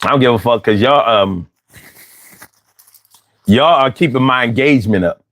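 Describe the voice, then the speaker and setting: A man's voice: mid-range voice, moderate pace, fairly bright tone. A man hosting a late-night livestream, ranting with heavy profanity and talking back to his chat. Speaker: livestream host.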